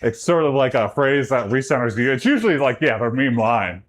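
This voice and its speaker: A man in casual livestream chat, rambling from one thought to the next. His mid-pitched voice leaps up sharply whenever something excites him. He talks to his viewers while working out. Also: brisk. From Texas. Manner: chatty, rambling, pitch jumps up when excited. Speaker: streamer.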